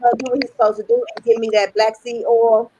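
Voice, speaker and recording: A woman hosts a relaxed livestream from a video call, chatting, joking and laughing easily. Her voice sits high. She rolls from banter into game rules and prize details without stiffness. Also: quick pace, highs cut off, a little hiss or hum. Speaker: host and publisher. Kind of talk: casual livestream hosting.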